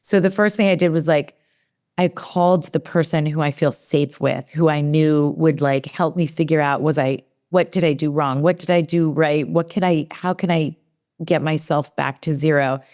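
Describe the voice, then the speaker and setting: A woman's voice: sits low, normal speed, a little mellow. A woman in her forties, a developmental psychologist, chatting in a podcast interview and acting out her own inner dialogue with many fillers.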